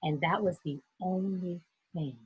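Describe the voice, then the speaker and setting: A woman from New York with a deep, heavily husky voice tells a personal story to a group. She speaks in an earnest, steady way over a video call. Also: measured pace, phone-quality sound. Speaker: youth mentor.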